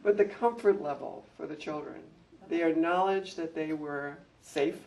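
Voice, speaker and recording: Unhurried, an elderly former school head shares heartfelt memories at a public event, becoming animated as he performs an anecdote. His voice is gravelly and leans a bit high. It's recorded from a distance, with faint room noise and a soft background hum.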